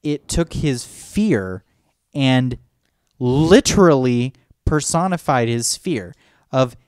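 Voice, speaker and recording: A man's mid-range, darkish voice is animated but unhurried, captured in a dry, studio-quality recording. As a podcast co-host, he chats casually and enthusiastically as a fan, rambling and acting out lines from movies.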